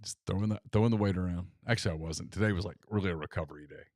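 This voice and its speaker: A man's voice: deep voice, rapid-fire, a little mellow, no echo, studio quality. A man co-hosting a casual sports talk show, wry and self-deprecating, often stumbling and repeating words. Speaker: podcast co-host.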